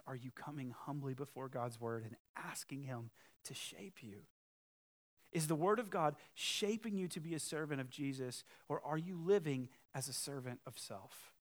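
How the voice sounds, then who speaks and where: A male pastor preaching a sermon, emphatic, with conversational asides and rhetorical questions. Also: mid-range voice. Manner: emphatic, swings from loud challenge to quiet earnest appeal.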